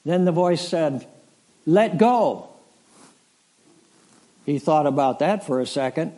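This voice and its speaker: Man, pastor, sermon, slightly higher voice, slow deliberate delivery that builds in force. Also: mellow. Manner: slow deliberate preaching, rising in force on scripture lists. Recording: audio of a sermon.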